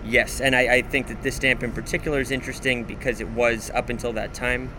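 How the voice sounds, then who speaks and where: A man's voice: mid-range voice, flat delivery, fast. Young man talking stamps on a noisy floor. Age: young adult. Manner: enthusiastic, detailed, with frequent fillers. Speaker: auction house president and stamp collector. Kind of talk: casual interview at a stamp show. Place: busy stamp show floor.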